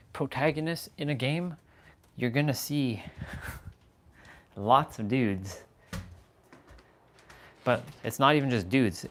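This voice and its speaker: Animated man swinging soft to loud. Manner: swings from low murmurs to loud, slow, drawn-out emphasis; laughs often, casual and self-aware. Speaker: live-stream host. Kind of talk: rambling motivational live-stream chat.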